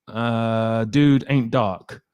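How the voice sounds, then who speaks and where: A man's voice: medium pitch, fairly even intonation, very slow, a little mellow, clean tone, no room sound. A young man chatting casually on a live stream, reading out and reacting to viewers' comments with wry humor.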